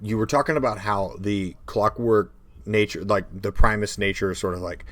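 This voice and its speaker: A man's voice: on the low side, fairly even intonation, moderate pace, fairly bright tone. A young man co-hosting a game master podcast, chatting casually and playfully, with hesitant ums. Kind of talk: casual chat.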